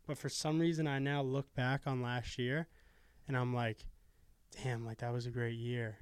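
A man's voice: medium pitch, level tone, moderate pace, smooth, no echo. A man in his twenties, a podcast guest talking in a casual, earnest and reflective way and swearing now and then. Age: 20s.

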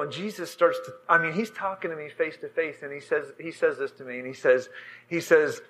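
A man preaching, telling a vision in a halting, emotional way with many fillers and restarts. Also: fairly high pitch, steady tone, a bit bright. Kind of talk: sermon storytelling.

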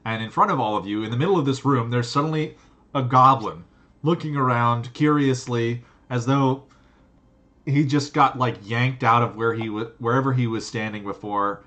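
A man's voice: mid-range voice, normal speed, pushed and bright. Rambling man running a tabletop game. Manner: loose and rambling, full of fillers. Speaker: game master. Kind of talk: narrating a tabletop game over a video call.

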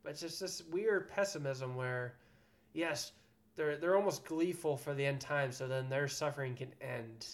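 A man's voice: mid-range voice, normal speed. A man co-hosting a podcast in casual chat, frank and profane, prone to ranting. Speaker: podcast co-host.

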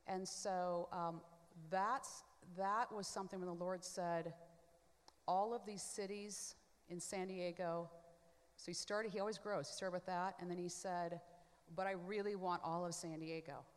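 Chatty woman in a reverberant room. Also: on the low side. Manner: chatty, full of "like" and quick asides; expressive, swings from hushed to loud. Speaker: panel guest. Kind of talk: animated personal testimony.

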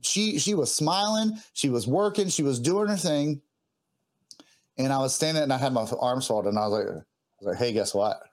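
A man speaks as a podcast guest, his voice pitched in the ordinary middle range. He tells a personal story with open, earnest feeling. He often halts and restarts his sentences as he goes. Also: animated. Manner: earnest, heartfelt, halting with restarts. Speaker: guest musician.

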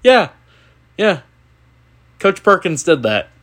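A young man co-hosting a sports podcast, telling stories in a joking, animated way. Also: high voice, slow. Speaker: co-host. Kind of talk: casual sports podcast chat.

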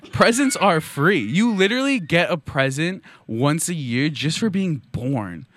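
A young man hosts a casual comedy chat show from a radio studio. He tells rambling, playful stories with a very lively, bouncing pitch. His voice is close on a studio mic and dry. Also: slow, no room sound. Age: young adult. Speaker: podcast host. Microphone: studio microphone.

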